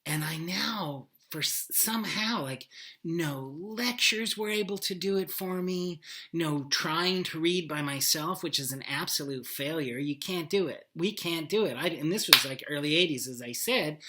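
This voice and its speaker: A man teaching by video from his living room, telling a rambling, animated story with lots of emphasis. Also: fairly high pitch, normal speed. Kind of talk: casual storytelling lecture to camera.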